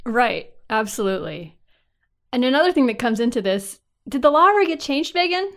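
A woman's voice: on the high side, big pitch swings, brisk. A woman co-hosting a podcast, chatting casually and agreeing with her guest. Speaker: podcast co-host. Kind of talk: casual chat.

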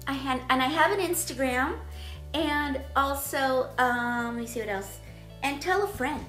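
A woman's voice: high-pitched, unhurried, a bit bright, soft background music. A woman beauty vlogger talking casually through a makeup tutorial, chatty and giggly with plenty of fillers.

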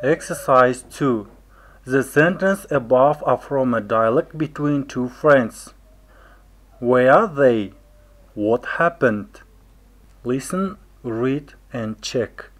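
A man's voice: mid-range voice, slow. A man plainly reading out exercise instructions for an English lesson. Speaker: lesson presenter.

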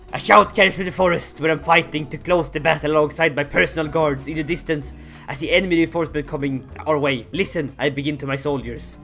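A man narrating a strategy game playthrough, excitable and theatrical, laughing and bursting into shouts. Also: a little high, brisk, soft background music. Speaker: gaming YouTuber. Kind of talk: Let's Play commentary.

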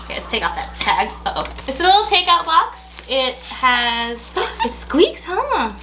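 A woman's voice: high voice, very animated, a little slow, noisy background. A woman casually unboxing a pet subscription box, chatting in a coaxing sing-song baby-talk voice to her dog, with gasps and laughs along the way. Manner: gasps and laughs as she chats.

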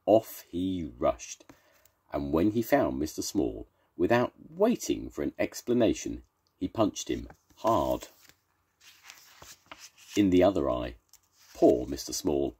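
An older man, a grandfather, reading a children's story aloud in a playful, animated way. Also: a bass voice, slow pace, long pauses, slightly rough.

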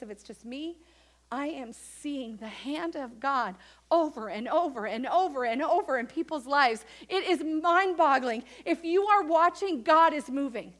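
A woman pastor preaching a sermon in a church, animated and acting out the voices of the people in her story. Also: sits high. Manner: animated, acts out quoted voices of Mary and others.

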